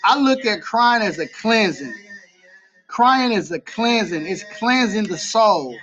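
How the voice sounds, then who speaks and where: A man's voice: sits high, animated, takes it slowly, fairly bright tone, soft background music. A man hosting a podcast, talking earnestly about faith and grief, repeating key phrases for emphasis. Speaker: podcast host. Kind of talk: faith-based personal talk. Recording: slightly dull lo-fi recording.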